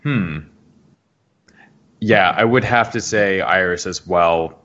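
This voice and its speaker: Deep-voiced man on a lo-fi podcast. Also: slow pace, a bit bright. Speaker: podcast co-host. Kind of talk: casual podcast chat.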